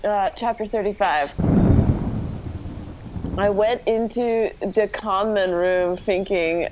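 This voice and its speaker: A woman's voice: mid-range voice, takes it slowly, long pauses, heavy background noise. A woman podcast host doing a comic dramatic reading of a story, often breaking into laughter as she reads.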